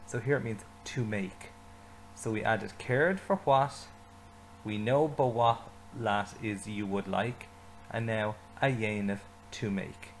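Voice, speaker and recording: Man, language teacher, patient step-by-step lesson, gravelly voice, faint noise behind. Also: lowish voice, low-quality recording. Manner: slow repetition, leading learners to say phrases with him.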